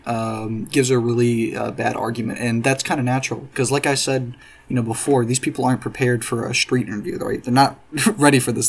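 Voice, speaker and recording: A man doing reaction commentary in a profane, sarcastic, exasperated rant. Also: mid-range voice. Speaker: commentary YouTuber.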